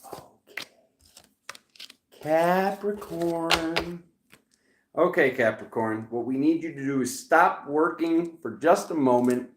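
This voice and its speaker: A man's voice: medium pitch, normal speed, hardly any pauses, a little hiss or hum. Joking Rhode Island man in a roomy echo. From Rhode Island, USA. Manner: rambling, joking asides. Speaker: tarot reader. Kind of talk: casual tarot reading vlog.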